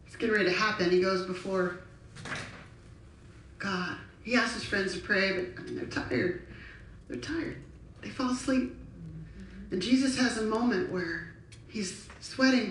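A woman's voice: medium pitch, unhurried, fairly bright tone, a little hiss or hum. A woman preaching a sermon, telling stories with passion and animation. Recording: echoey hall from far off.

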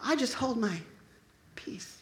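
A woman preaching a sermon, impassioned and building to forceful declarations. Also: on the high side, expressive, slow pace, echoey room.

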